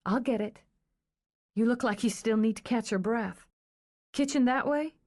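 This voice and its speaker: A woman reading aloud, voicing a brisk, concerned young woman who fusses over a friend. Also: on the high side, a little mellow, pitched above the performer's own voice, close to an everyday voice.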